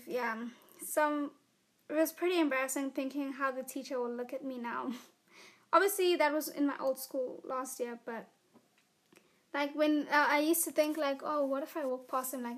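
A teenage girl, telling funny stories in a casual solo podcast, chatty and giggly, full of "like" and "you know". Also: high-pitched. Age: teens. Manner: giggly and animated. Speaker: podcast host. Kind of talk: casual storytelling monologue.

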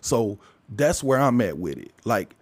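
A man with a fairly low, sing-song, unhurried and slightly mellow voice rants in a casual monologue, captured in a dry recording. He is blunt and emphatic, swears heavily and fires rhetorical questions at listeners.

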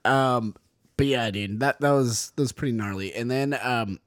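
A man's voice: medium pitch, moderate pace, no room sound, studio quality. A young man co-hosting a podcast, chatting casually and animatedly, full of "like" and "dude", acting out quotes. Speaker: podcast co-host. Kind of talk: casual chat about a horror film.

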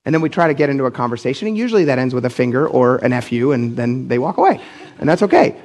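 A man's voice: medium pitch, very animated, rapid-fire, darkish tone. A middle-aged man from Pennsylvania preaching a casual, blunt sermon as pastor, acting out the people he quotes with big jumps in his voice. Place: church.

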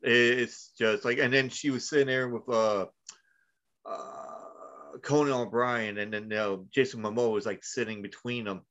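A man's voice: medium pitch, measured pace, fairly bright tone. Rambling lo-fi podcast host, a man. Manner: rambling storyteller, lots of fillers and swearing. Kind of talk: casual podcast chat.

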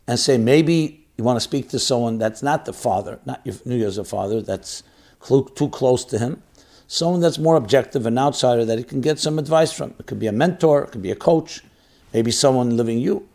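Earnest, emphatic rabbi giving guidance. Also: male voice, mid-range voice, normal speed, darkish tone. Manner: earnest and emphatic, repeating key phrases; sprinkles in Hebrew and Yiddish religious terms. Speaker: rabbi hosting a question-and-answer show. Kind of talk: answering a listener's question with religious guidance.

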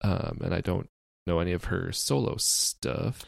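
A man from the United States co-hosting a podcast, talking in a deadpan, sarcastic way with many fillers. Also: low-pitched, measured pace, creaky, no echo. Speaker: podcast co-host. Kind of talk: casual chat.

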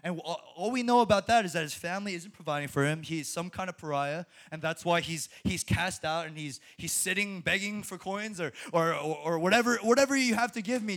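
A young man preaching a sermon to a college ministry, animated, laughing often and restarting his sentences. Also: sits high.

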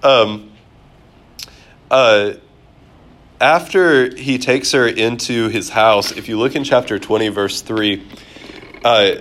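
A man's voice: lowish voice, takes it slowly, long pauses, fairly bright tone. A man teaching a casual Bible study, chatty and amused, with many fillers.

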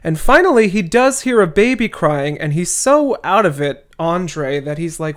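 A man's voice: fairly high pitch, expressive, moderate pace, hardly any pauses. A man hosting a podcast, casually retelling a classic novel with wry, chatty asides. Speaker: podcast host. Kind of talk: casual book recap.

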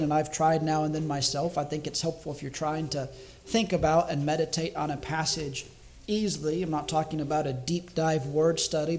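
Man, slightly high voice, evangelist giving a sermon, reflective, slows down to stress key words. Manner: thinks aloud with small restarts. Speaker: evangelist preaching to a congregation.

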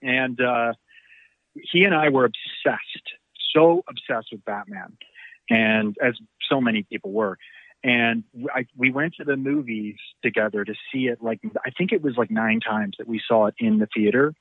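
A middle-aged actor chatting in an interview, rambling through stories with a self-deprecating streak. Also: male voice, medium pitch, very animated, moderate pace, no echo. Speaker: actor guest. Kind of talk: casual interview chat. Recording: tinny phone-like line.

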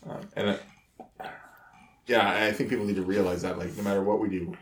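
A man hosting a casual firefighter podcast, talking in a relaxed, rambling way with chuckles. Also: on the low side, fairly quick, roomy sound, a little hiss or hum. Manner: relaxed, rambling, laughs between words. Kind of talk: casual chat.

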